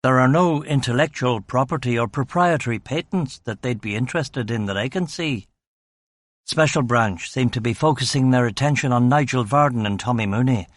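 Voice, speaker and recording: A man's voice: mid-range voice, moderate pace, dry recording, clean studio sound, lightly acted. A man playing a cautious factory manager in an audiobook, explaining things carefully and formally. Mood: measured.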